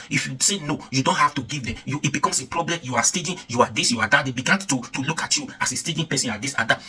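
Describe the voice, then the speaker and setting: A man's voice: medium pitch, fast talker, few pauses, sharp tone, breathy edge, far from the mic. A man with a Nigerian accent ranting angrily in a political vlog, firing off rhetorical questions and repeating himself. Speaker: political vlogger. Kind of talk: impassioned political rant.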